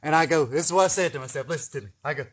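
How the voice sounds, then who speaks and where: This young vlogger has a husky, slightly high voice and a rapid-fire delivery. His casual story rambles along, packed with swearing and animated laughter at his own expense.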